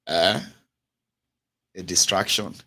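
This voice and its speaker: A man's voice: low-pitched, steady tone, slow, pushed and bright. A man with a Nigerian accent delivering a sarcastic, mocking political commentary vlog rant. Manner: sarcastic, mocking rant mixing Pidgin and Yoruba.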